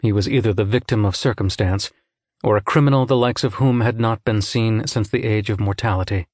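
Reading scripted audiobook narration, a man tells the story in an even, measured manner. His pitch is fairly low, and the recording is dry and studio-clean.

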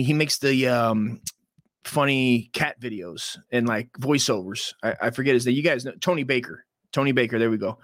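A male podcast host rants in a loose, profane way, often stopping and restarting his sentences. His voice sits at an ordinary middle pitch. The recording is close and dry, with no room sound. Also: no echo. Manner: rambling, profane, self-interrupting. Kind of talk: casual rant.

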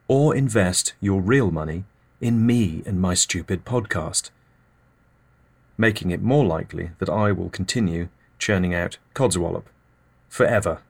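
A man hosts a podcast with a dry, deadpan comic monologue. His voice sits fairly low. He tells absurd stories as though they were everyday matters. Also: unhurried, creaky. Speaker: podcast host.

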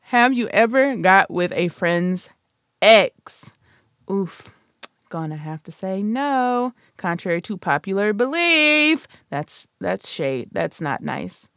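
A woman's voice: medium pitch, expressive, slow, fairly bright tone, no room sound, studio quality. A woman in her twenties hosting a solo podcast, chatting casually and playfully with self-mocking asides. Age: 20s. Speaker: podcast host.

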